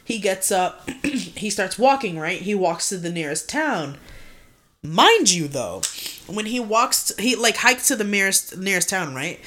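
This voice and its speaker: A woman's voice: medium pitch, measured pace. Slangy, foul-mouthed woman telling a story. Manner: swears constantly, slangy and animated. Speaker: podcast co-host. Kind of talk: casual storytelling chat.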